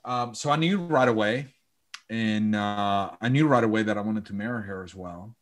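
Guy guest on a podcast, lowish voice, earnest, keeps restarting his sentences. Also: normal speed. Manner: earnest, repeats and restarts phrases. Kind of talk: casual chat.

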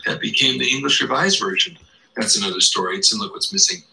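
A man's voice: medium pitch, sing-song, quick pace, creaky, bright, forceful tone, roomy sound, rough recording. A man giving scripted video narration, explaining step by step with rhetorical questions.

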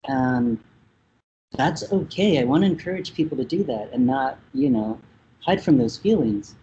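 A Vietnamese-born man in his thirties speaks slowly and thoughtfully, pausing often on fillers. His voice sounds mellow and warm. It reaches us through dull, lo-fi remote audio with a faint hiss behind it. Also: mid-range voice, expressive. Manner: thoughtful, hesitant with many fillers. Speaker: musician guest. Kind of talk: casual interview talk.

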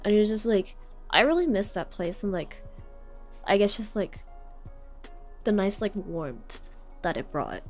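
A woman's voice: mid-range voice, very animated, a little slow, long pauses, soft background music. Rambling young woman streamer. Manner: rambling, filler-heavy, sentimental. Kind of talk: casual storytelling chat. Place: home streaming setup.

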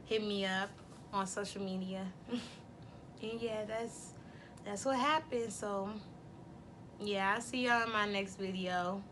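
A woman's voice: medium pitch, steady tone, slow, pauses often, background noise. A young woman telling a story in a casual vlog, blunt, profane and candid, often laughing. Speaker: vlogger.

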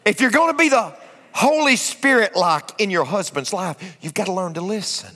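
A man preaching a sermon, swinging from hushed asides to shouted lines. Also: high voice, animated, normal speed. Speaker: pastor. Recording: echoey church hall.

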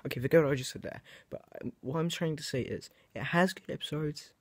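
Talking casually to his viewers, a young man vlogs in a medium-pitched, darkish, slightly rough voice at a fairly quick clip, with no echo. His chat is rambling and hesitant, full of restarted sentences and self-mocking jokes at his own expense.

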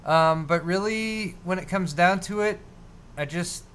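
A man's voice: sits high, measured pace, a bit bright, a little hiss or hum. A man co-hosting a live tech stream, chatting casually and rambling, with lots of fillers and restarts. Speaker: co-host of a live tech show.

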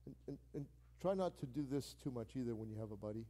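A man, a pastor, preaching a sermon in a church with animated delivery, repeating key phrases for emphasis and acting out quoted conversations. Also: mid-range voice, fast. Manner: acts out quoted phone calls with playful voices.

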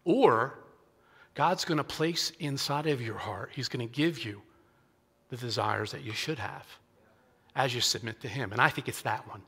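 A man's voice: medium pitch, normal speed, bright, forceful tone, breathy edge, big-room sound. A male pastor preaching a sermon in a conversational way, restarting phrases and acting out quotes from scripture. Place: church sanctuary.

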